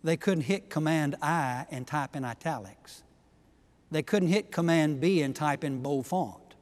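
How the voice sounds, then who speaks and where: Slow, high-voiced preacher in a reverberant hall. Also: male voice. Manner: emphatic, building from quiet asides to loud exhortations. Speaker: pastor. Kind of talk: sermon.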